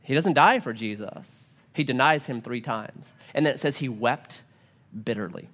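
A man preaching a sermon as a pastor, animated and joking, acting out quoted voices. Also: mid-range voice, moderate pace. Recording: long hall reverb.

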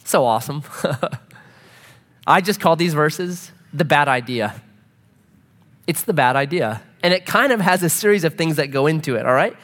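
A middle-aged man preaching a joking, animated sermon to a congregation. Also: fairly high pitch, normal speed, long pauses. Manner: animated, joking, acts out quoted voices. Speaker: pastor. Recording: reverberant hall.

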